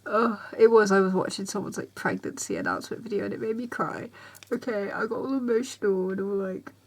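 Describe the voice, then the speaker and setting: A young woman, chatting casually to camera in her bedroom, tired and rambling, sometimes dropping to a soft near-whisper. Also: medium pitch, expressive, brisk. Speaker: vlogger.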